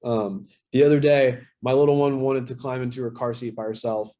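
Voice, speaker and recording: A man's voice: medium pitch, fairly even intonation, brisk, warm tone. Casual, profane man sharing candidly. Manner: casual, profane, self-deprecating, lots of fillers. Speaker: workshop speaker. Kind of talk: candid recovery share at a convention workshop.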